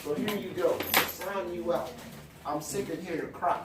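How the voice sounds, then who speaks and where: In a church room, a man leads his Bible study group with exclamatory, call-and-response preaching. His voice sits high and moves at a moderate pace. The recording has a distant mic, roomy echo and background noise.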